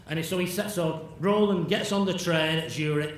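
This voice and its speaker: Man, lecturer, chatty storytelling, slightly high voice, echoey hall, distant mic. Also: steady tone, measured pace, fairly bright tone, a little hiss or hum. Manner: conversational, checks in with "yeah?", acts out imagined dialogue. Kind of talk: conference lecture with anecdotes.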